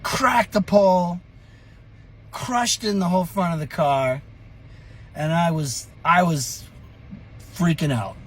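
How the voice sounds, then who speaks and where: A middle-aged man telling a story from his youth in an animated, profane, chuckling way. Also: high-pitched, takes it slowly, long pauses, breathy edge. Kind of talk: casual storytelling vlog.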